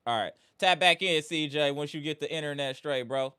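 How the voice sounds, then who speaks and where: A man's voice: fairly high pitch, moderate pace, pushed and bright, clear, resonant tone. A man hosting a live sports fan stream, greeting viewers by name and venting about his team's loss. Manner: hype, greets chat by name, frustrated. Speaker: livestream host.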